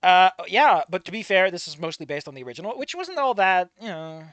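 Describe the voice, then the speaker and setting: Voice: medium pitch, big pitch swings, fairly quick, a bit bright, dry recording, dull audio. A person reading a fan story aloud and breaking off for sarcastic, swearing commentary. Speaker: fanfic reader and reviewer.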